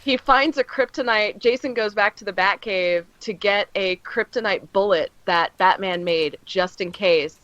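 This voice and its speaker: A woman's voice: mid-range voice, unhurried, few pauses, fairly bright tone, no room sound, highs cut off. A woman co-hosting a comics podcast, chatting casually and effusively with lots of fillers as she retells stories. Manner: rambling and effusive, many fillers, acts out scenes. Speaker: podcast co-host reviewing comics. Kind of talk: casual chat.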